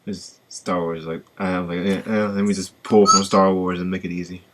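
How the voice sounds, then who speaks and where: A man hosting a podcast, chatting in a relaxed, hesitant way. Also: low-pitched, normal speed, background noise. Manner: relaxed, hesitant, many fillers and restarts. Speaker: podcast host. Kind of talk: casual chat.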